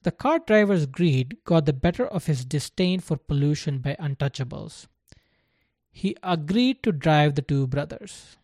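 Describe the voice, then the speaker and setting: A narrator reading a story aloud in a slow, deliberate scripted style. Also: medium pitch, lively intonation, a little mellow, dry recording, studio quality.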